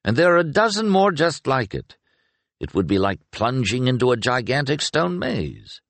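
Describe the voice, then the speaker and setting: A man's voice: mid-range voice, very animated, moderate pace, vocal fry, dry recording, pitched above the performer's own voice. A man voicing a grim, curt investigator. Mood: terse. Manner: curt, clipped speech through gritted teeth. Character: stern grim male investigator, terse and impatient. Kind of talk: audiobook character reading.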